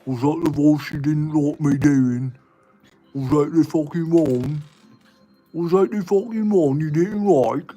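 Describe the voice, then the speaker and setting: A man's voice: a little high, a little slow, dark tone, faint music behind, voice pushed up, rough recording. Man doing a foul-mouthed mock English gent. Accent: put-on English. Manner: profane, blustering, keeps invoking the Queen. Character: crude swearing self-styled English gentleman. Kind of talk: comic improv bit during a casual build stream.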